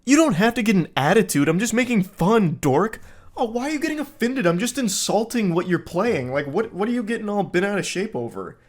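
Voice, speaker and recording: A man's voice: a little high, animated, a little slow. A man voicing a mocking impression of a pushy young man, whiny and taunting.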